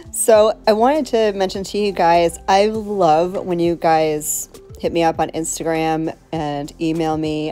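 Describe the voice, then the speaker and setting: A woman's voice: fairly low pitch, fairly even intonation, normal speed, mellow, soft background music. A woman chatting casually while demonstrating a nail tutorial, friendly and talkative, with a light allergy cough. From South Florida. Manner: chatty, friendly, laughs easily.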